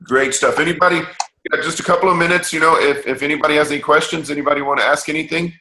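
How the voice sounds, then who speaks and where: A man's voice: on the high side, steady tone, rapid-fire, pushed and bright, roomy sound, slight background noise, poor audio. A man hosting a team call, giving motivational talk with many fillers and restarts.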